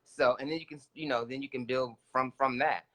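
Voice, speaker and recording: A man co-hosting a casual talk show, giving lively advice and jumping in with quick asides. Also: medium pitch. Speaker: podcast co-host.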